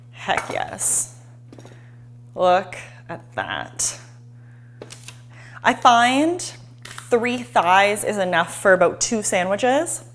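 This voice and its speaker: A woman hosting a live-streamed cooking demo in a home kitchen, chatty and excitable, talking straight to her viewers. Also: fairly high pitch, a little hiss or hum. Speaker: cooking show host.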